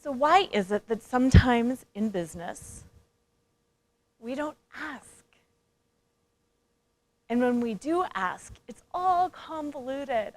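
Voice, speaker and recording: High-voiced woman giving a lively keynote. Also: slow, long pauses. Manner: lively, playful, engages audience with questions; acts out quoted voices. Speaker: speaker and coach. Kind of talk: motivational conference talk.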